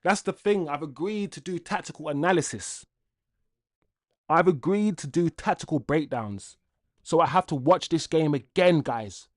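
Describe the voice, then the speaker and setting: A man's voice: fairly high pitch, normal speed. A young man hosts a fan livestream and rants angrily to his chat in a casual way. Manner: angry, ranting, lively with laughs.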